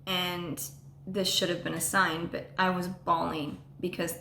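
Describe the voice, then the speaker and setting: A woman telling a personal story on a vlog, halting and full of ums and restarts. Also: lowish voice, little pitch movement, creaky, bright, forceful tone, reverberant, slight background noise. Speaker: vlogger.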